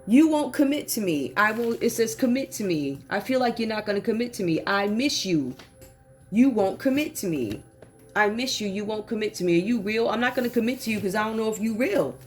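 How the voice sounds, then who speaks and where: Woman doing a chill tarot reading, slangy and animated, faint music under her, mid pitch. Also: fairly quick. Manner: animated, slangy, acts out quoted voices. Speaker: tarot reader. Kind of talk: casual tarot reading monologue.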